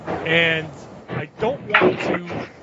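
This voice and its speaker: A man co-hosting a casual sports podcast, animated as he reads listener tweets aloud. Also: a little high, drawn-out words. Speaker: podcast co-host. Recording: muffled lo-fi audio with clear background noise.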